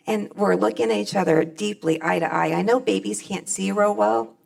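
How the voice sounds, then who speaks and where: Gravelly low-voiced woman telling her story. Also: fairly even intonation, moderate pace. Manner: storytelling, plainspoken and folksy. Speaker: convention speaker. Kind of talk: personal testimony speech. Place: stage at a convention.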